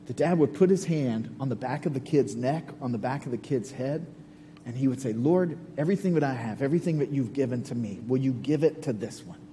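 A pastor delivers a sermon in a church sanctuary, his medium-pitched, warm voice moving a little fast. His preaching is earnest and conversational, full of repeated phrases, and the hall gives a long reverb along with a faint hum.

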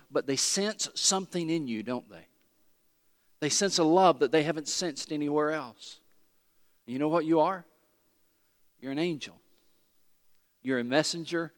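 A man preaching to his congregation, his voice sitting a little high for a man. He tells a personal story in an earnest, unhurried way and pushes to emphatic peaks. A long reverb trails his words through a large church sanctuary. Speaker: pastor.

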